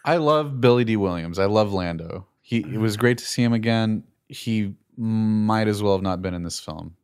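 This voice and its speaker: A young man co-hosting a casual movie review chat, animated and sarcastic, often laughing. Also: fairly low pitch, normal speed, smooth. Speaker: podcast co-host.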